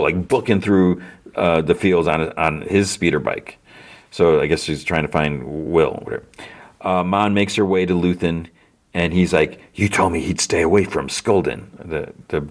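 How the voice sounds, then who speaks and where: A man with a notably deep, low voice talks through a show recap in a loose, casual way. He rambles, stacks up fillers and corrects himself as he goes, like a podcast host thinking out loud.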